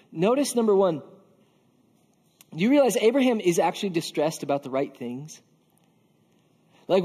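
A man with a notably high voice gives a casual, earnest sermon, talking to the congregation as if chatting and leaning on the word "like". His voice rings with the long reverb of a large church hall. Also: a little mellow. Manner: casual and earnest, with frequent filler "like". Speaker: pastor. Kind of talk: conversational sermon.

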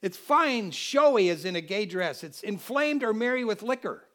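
A man from the United States preaching a Christmas sermon, animated, swinging between loud exclamations and quiet asides. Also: sits high, normal speed.

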